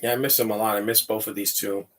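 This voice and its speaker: A man giving a casual live commentary over a comedy film, rambling through asides, laughing often and reacting loudly to what is on screen. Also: steady tone, quick pace. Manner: reacts loudly to the film, quoting lines in a high voice.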